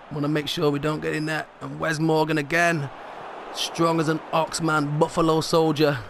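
A man commentating his own football video game match as he plays, excitable and rising sharply in pitch at big moments. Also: gravelly, a little hiss or hum. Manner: excitable, rises sharply at goals. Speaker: gaming commentator.

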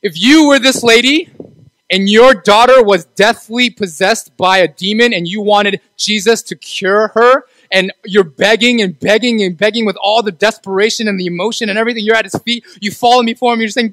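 Male youth pastor, conversational sermon delivery, higher register, dry close sound. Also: fairly quick, a bit bright, no room sound, poor audio. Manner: conversational, asks the room for agreement. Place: church.

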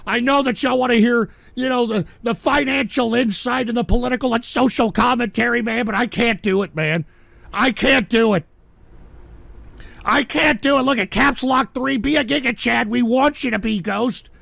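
A man hosting a livestream radio show, ranting angrily and swearing, often shouting at his chat. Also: extremely high pitch, moderate pace, gravelly, no room sound.

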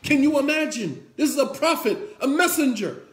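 A male preacher delivering a sermon in an emphatic, repetitive way. His voice sits high for a man. The room gives it a roomy echo. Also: lively intonation, moderate pace. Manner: emphatic and repetitive, acts out quotes.

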